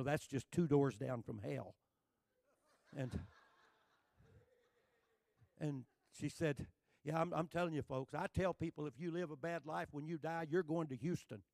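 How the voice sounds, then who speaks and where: An older man from Texas with a Texan accent, telling a folksy, joking sermon story that builds to shouting. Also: mid-range voice, vocal fry, dry recording, clean studio sound. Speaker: preacher.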